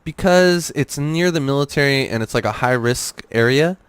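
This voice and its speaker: A man's voice: medium pitch, moderate pace, smooth, no room sound. A young man as a podcast guest, rambling through gaming stories with lots of fillers and restarts. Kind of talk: casual podcast interview.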